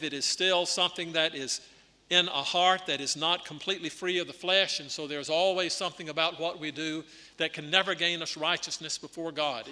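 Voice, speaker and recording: A man preaching a sermon in a deliberate, emphatic teaching manner, often clearing his throat and restarting phrases. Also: fairly high pitch, bright, forceful tone. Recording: long reverb of a large hall.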